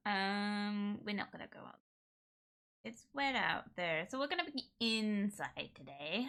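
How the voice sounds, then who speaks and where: A woman streamer chats at an unhurried, drawn-out pace, rambling between thoughts and breaking into giggles. Her voice is bright and forward, with a sharp edge to it, and she is talking from indoors at home. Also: medium pitch, lively intonation. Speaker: livestreamer. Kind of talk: casual stream chat.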